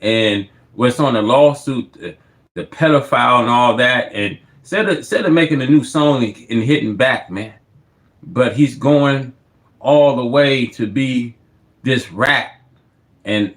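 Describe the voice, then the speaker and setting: A man's voice: mid-range voice, a bit bright. Man, livestream host, casual commentary, conversational filler. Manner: tags sentences with "man" and "you know what I mean".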